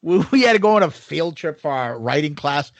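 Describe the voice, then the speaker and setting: A man's voice: a little high, lively intonation, a little fast, no echo, lo-fi sound. A man co-hosting a podcast in casual chat, telling a crude college story with lots of swearing and laughter. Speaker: podcast co-host.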